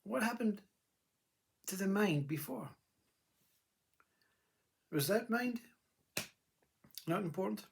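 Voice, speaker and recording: A man's voice: sits high, lively intonation, slow pace, vocal fry, pauses often. A man giving a rambling philosophical monologue, with blunt earthy words, who keeps saying "you see" and "you know". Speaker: spiritual speaker.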